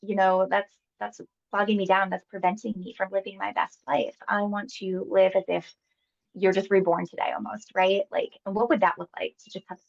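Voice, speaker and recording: A woman's voice: mid-range voice, flat delivery, normal speed, gravelly, highs cut off. A woman in her thirties, a hypnosis client, telling her experience in a candid, emotional, rambling way with many fillers. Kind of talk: candid conversational interview.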